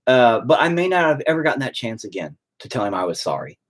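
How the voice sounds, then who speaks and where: A man's voice: medium pitch, big pitch swings, fast. A man in his late thirties, ranting casually and bluntly while painting on stream, swearing heavily as he talks. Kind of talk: casual rant.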